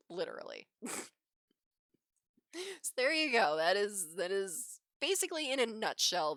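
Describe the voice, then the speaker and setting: A woman's voice: fairly low pitch, no room sound, studio quality. A woman livestreaming her digital drawing, telling a casual story with frequent laughs. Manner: animated, laughs often between phrases. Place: home drawing setup.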